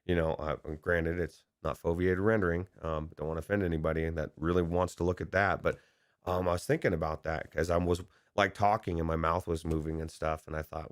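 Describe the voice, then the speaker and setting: Deep-voiced man in casual chat. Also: steady tone, fairly quick, dry recording, clean studio sound. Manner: rambling, hesitant, many fillers and restarts. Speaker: podcast co-host.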